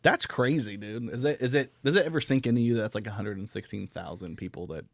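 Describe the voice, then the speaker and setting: A man's voice: medium pitch, fast talker, vocal fry, no room sound. A man hosting a podcast, telling a rambling, profane story in casual chat. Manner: animated, swearing, rambling anecdote. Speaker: podcast host.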